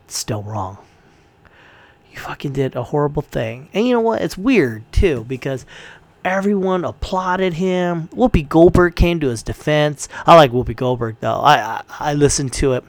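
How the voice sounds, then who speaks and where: A man's voice: a little high, normal speed, dry recording. A man ranting in a casual commentary, heated and profane, rambling with frequent restarts.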